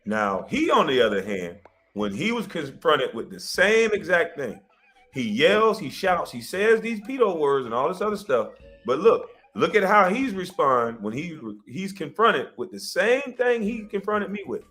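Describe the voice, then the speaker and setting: A man's voice: a little high, sing-song, measured pace, fairly bright tone. A man hosting a livestream, defiantly defending himself and insisting he keeps his receipts, repeating points for emphasis. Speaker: livestream host. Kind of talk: heated livestream rant.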